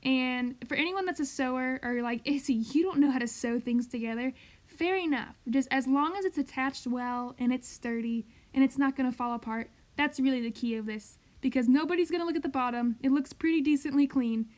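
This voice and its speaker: A woman's voice: high-pitched, brisk, hardly any pauses. A young woman doing a rambling, chatty voiceover for a crochet tutorial, full of "like" and "um". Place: home craft recording, voiceover.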